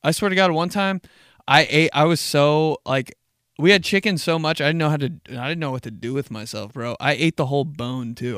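A man's voice: on the high side, brisk, fairly bright tone, clean tone, no room sound, clean studio sound. A young man hosting a podcast, telling rambling, profane, comedic stories and laughing at himself. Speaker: podcast host. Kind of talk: casual comedic storytelling.

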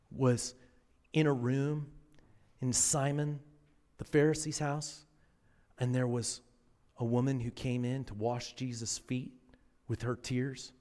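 A man preaching a sermon as a pastor, telling a story dramatically, swinging between hushed, near-whispered lines and impassioned, rising passages. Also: medium pitch, long reverb tail. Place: church auditorium.

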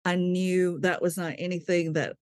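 Expressive woman telling her story. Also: lowish voice, normal speed, no room sound, clean studio sound. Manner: expressive, laughs often, trails off and restarts. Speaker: interview guest. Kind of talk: candid conversational storytelling.

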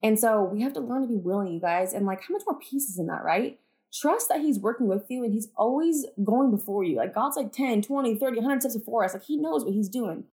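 A woman's voice: a little high, lively intonation, fairly quick, warm tone. A woman hosting a podcast, talking to her listeners about faith in a chatty, earnest way, full of "like" and "you guys", and declaring things with conviction. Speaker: podcast host. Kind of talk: casual faith talk to listeners.

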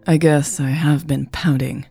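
A woman's voice: sits low, steady tone, a little slow, dark tone, breathy edge, soft background music, exaggerated voice. A woman voicing a heartsick young woman who gets defensive with her sister. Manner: defensive, reluctant.

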